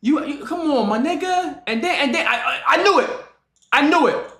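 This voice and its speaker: A man reacting to a clip on stream, animated and mocking, hammering points home by repeating them. His voice rings out in a noticeably echoey room. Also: very high-pitched, normal speed. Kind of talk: casual reaction commentary.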